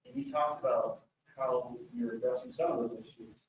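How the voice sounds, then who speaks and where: A man's voice: medium pitch, steady tone, normal speed, a little hiss or hum. A man at a board meeting asking a hesitant, wordy question. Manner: hesitant, searching for words. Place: meeting room. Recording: distant, very echoey, muffled room audio.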